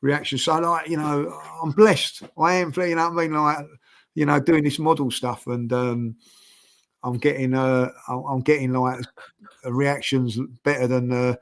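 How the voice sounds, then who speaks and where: Older man, rambling casual storyteller, lots of fillers, middle pitch. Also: little pitch movement, a little slow. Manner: rambling, many fillers and restarts. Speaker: podcast guest.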